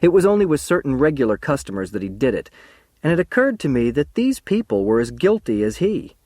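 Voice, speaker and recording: An expressive male narrator reads a novel aloud in the first person, earnest and full of feeling. His pitch leaps and dips with lively movement, and the sound is dry and close. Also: fairly quick, no echo. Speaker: audiobook narrator. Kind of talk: first-person audiobook reading.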